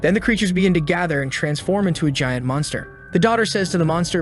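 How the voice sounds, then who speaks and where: Brisk male recap narrator, slightly high voice. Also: lively intonation. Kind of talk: scripted story recap narration. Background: faint music.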